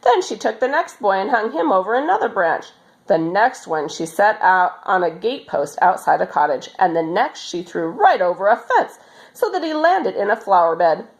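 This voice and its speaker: A woman reading a children's story aloud as storyteller, in an expressive, animated manner. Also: medium pitch, normal speed, rough recording.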